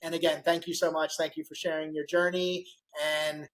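A middle-aged man hosting a podcast, telling a story in a lively, animated way and acting out the people he quotes. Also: a little high, brisk, a little hiss or hum, poor audio. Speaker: podcast host. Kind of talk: casual interview storytelling.

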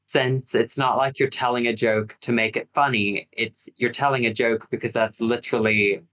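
A man in his late twenties co-hosting a relaxed film review podcast. He talks in a loose, searching way, leaning on "like" and "you know what I mean" as he works out his point. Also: medium pitch, normal speed. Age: late 20s. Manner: loose, searching phrasing full of "like". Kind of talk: casual film review chat.

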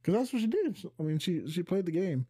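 A man's voice: high-pitched, sing-song, a little fast, mellow, breathy edge. A man co-hosting a podcast, chatting casually, swearing freely and bringing up each new topic. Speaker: podcast co-host. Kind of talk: casual chat.

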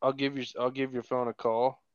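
A man's voice: medium pitch, flat delivery, a little fast, dry recording, highs cut off. A man on a podcast telling a long story in a casual, rambling way with lots of swearing. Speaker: podcast co-host.

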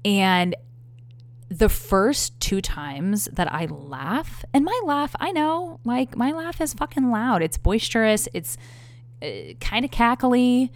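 A young woman hosting a podcast alone, telling a dating story in a candid, profane, animated way. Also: a little high, takes it slowly. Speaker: podcast host. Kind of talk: casual storytelling monologue.

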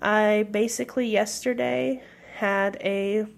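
A woman's voice: mid-range voice, steady tone, takes it slowly, gravelly. A young woman hosting her own podcast in casual solo talk, hesitant and candid, with many fillers. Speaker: podcast host.

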